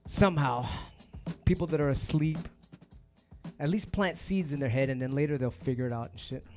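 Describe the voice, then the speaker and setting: A man's voice: medium pitch, expressive, quick pace, over music. A man hosting his own stream, ranting casually to viewers in heated, profanity-laced street slang. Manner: emphatic, heated. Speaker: DJ and stream host.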